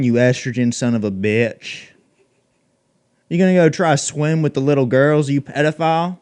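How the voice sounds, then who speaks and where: A man's voice: mid-range voice, close to an everyday voice. A man playing a profane ranting redneck. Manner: profane, taunting, loud ranting. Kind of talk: comedy sketch role-play.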